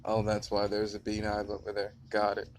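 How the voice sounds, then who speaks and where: A man's voice: lowish voice, completely flat delivery, normal speed, noisy background. A man in his late twenties giving a passionate, profane, rambling movie review outdoors. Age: late 20s. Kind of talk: casual rant-style review. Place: outdoors near a beehive.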